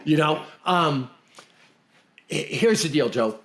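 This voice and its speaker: A man's voice: a little high, expressive, slow, fairly bright tone. A middle-aged man from Canada co-hosting a podcast, talking bluntly and emphatically in casual motivational chat, often repeating himself. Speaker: podcast co-host.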